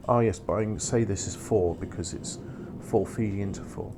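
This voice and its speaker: A man's voice: fairly low pitch, moderate pace, background noise. A man giving casual, rambling commentary while playing a factory-building game, correcting himself and making wry asides. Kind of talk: casual let's-play commentary.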